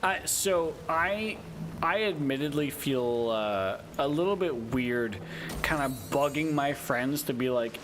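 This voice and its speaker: A man's voice: medium pitch, lively intonation, takes it slowly, background noise. A man streaming live, talking in a hesitant, self-conscious way with lots of restarts. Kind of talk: casual voice chat.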